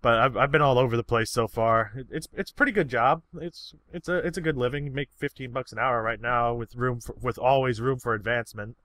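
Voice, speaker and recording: This man speaks fairly quickly with few pauses, his mid-range voice sharp and free of echo. He's answering viewer questions casually, rambling and cursing in an unpolished, easygoing way.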